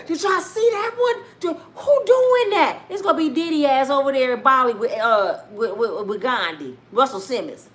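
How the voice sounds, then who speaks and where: Woman vlogger, high lively voice, profane, loud gossip commentary. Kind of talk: casual celebrity gossip commentary.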